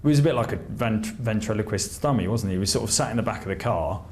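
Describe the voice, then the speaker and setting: A police officer telling an amused story of a night shift in an interview. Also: male voice, lowish voice, quick pace, a little mellow, slight background noise. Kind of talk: interview recollection.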